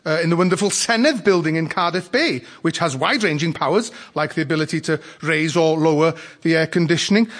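A man with a North Wales accent doing a stand-up routine on stage, with dry, deadpan storytelling. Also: on the high side, brisk, hardly any pauses. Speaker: stand-up comedian. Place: stage before a live audience. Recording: live audience noise.

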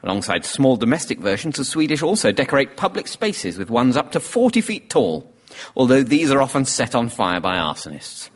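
A man's voice: mid-range voice, very animated, a little fast, slightly rough. A man hosting a comedy panel show, reading scripted facts and jokes with a dry, wry delivery. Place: theatre stage with a live audience.

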